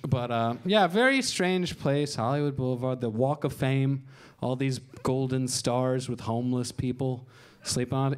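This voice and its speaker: A man in his thirties doing stand-up storytelling on a comedy show stage, deadpan and crude, slipping into voices for the people he quotes. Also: mid-range voice.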